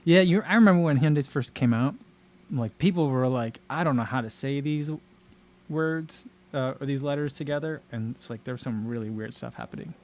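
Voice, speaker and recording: A man's voice: mid-range voice, moderate pace, darkish tone. A man hosting a casual livestream and talking to his chat, rambling with many fillers and restarts. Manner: chatty and rambling, many fillers and self-interruptions. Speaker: livestream host reading chat.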